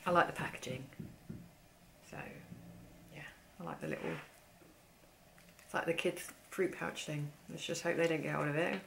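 Woman, beauty vlogger; lowish, chatty, self-mocking, casual delivery. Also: steady tone, normal speed, gravelly, long pauses, a bit bright, a little hiss or hum. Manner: chatty, self-deprecating, playful asides. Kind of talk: casual haul chat to camera.

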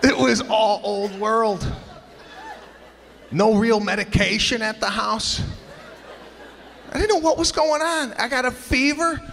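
A man doing a stand-up comedy set, animated, acting out his family and rising to shouts. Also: sits high, slow, creaky, long pauses, big-room sound. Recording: live club with audience and room noise. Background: audience laughter.

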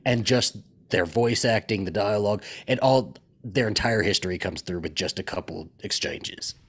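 A man co-hosting a podcast interview, playful and very lively as he talks. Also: lowish voice, normal speed, slightly rough. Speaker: podcast co-host. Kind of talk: casual interview chat.

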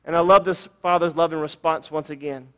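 A man preaching a sermon as pastor, with emphatic repetition and drawn-out phrases. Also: on the high side, steady tone, a bit bright, clean tone, big-room sound. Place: church sanctuary.

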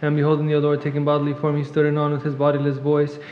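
Male reader, rapid monotone liturgical recitation; muffled, long church reverb. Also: a little high. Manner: fast monotone recitation, clears throat at times. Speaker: reader at a monastery service. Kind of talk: rapid liturgical chant reading.

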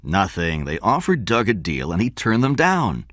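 A man's voice: fairly low pitch, huge pitch swings, moderate pace, a bit bright, no echo, studio quality. A man doing a curt, businesslike man. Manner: curt, matter-of-fact.

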